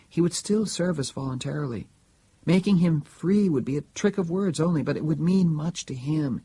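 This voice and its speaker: A man reading an audiobook, voicing a spirited grown daughter who pleads earnestly in a raised pitch. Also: dark tone, a little hiss or hum, lightly acted.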